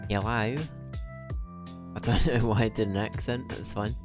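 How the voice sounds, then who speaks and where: Male game streamer, low voice, casual rambling chat, self-correcting, music playing behind. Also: level tone, fairly quick. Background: background music.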